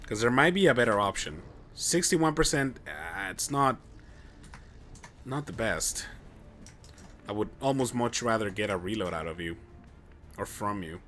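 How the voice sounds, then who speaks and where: A man's voice: lowish voice, expressive, measured pace, long pauses, fairly bright tone, soft background music. A young man commentating his own gameplay on a live stream, chatty and joking as he thinks aloud. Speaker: game streamer.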